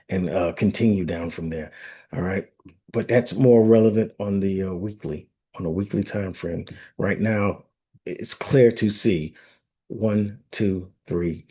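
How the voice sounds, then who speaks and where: Husky man rambling through chart analysis. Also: deep voice, a little mellow. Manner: rambling, filler-heavy, asks viewers if they understand. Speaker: forex analyst host. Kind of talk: casual chart walkthrough.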